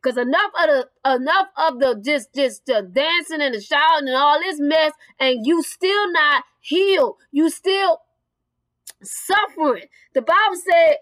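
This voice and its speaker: High-voiced woman preaching earnestly. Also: measured pace, a bit bright, no room sound. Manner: earnest, preachy, addresses singles directly. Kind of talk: sermon.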